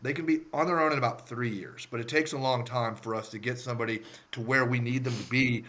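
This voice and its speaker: A man hosting a casual interview on a video call, chatty and quick to jump in with reactions and asides. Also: mid-range voice, steady tone, bright, forceful tone. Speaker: host.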